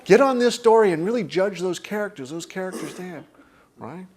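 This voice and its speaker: A man's voice: high voice, animated, normal speed, a crowd in the background. A man teaching a workshop group in a conversational way. He often checks in with "okay?" and acts out inner voices while he explains.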